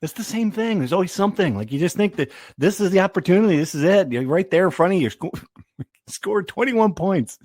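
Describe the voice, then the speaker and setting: A man's voice: high voice, animated, fairly quick, darkish tone, dry recording. Rambling male podcast host. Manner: rambling, self-interrupting storyteller. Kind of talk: casual sports podcast chat.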